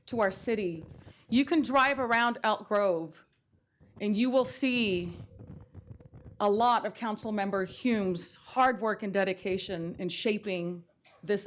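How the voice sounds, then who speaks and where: A woman mayor in her middle years speaks into a dais microphone in a council chamber. Her voice sits a little high, and her farewell tribute is heartfelt and emotional, close to tears. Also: slight background noise.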